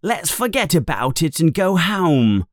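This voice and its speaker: A man reading a storybook aloud, voicing an excitable young schoolboy who gets a bit whiny. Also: on the high side, unhurried, no echo, studio quality, pitched above the performer's own voice. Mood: excited. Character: boastful young schoolboy, Harry's friend.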